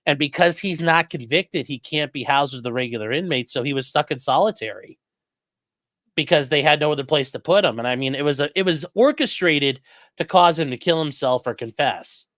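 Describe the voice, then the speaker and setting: A man's voice: on the high side, brisk, fairly bright tone, dry recording. A man hosting a casual livestream, reading chat comments and commenting bluntly with swearing and lots of fillers. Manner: blunt, profane, rambling with many fillers.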